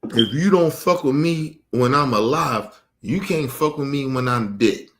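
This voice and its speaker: A man's voice: medium pitch, lively intonation, a little slow. A man ranting heatedly about his family, angry, emphatic and full of profanity. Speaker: streamer. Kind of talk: heated personal rant.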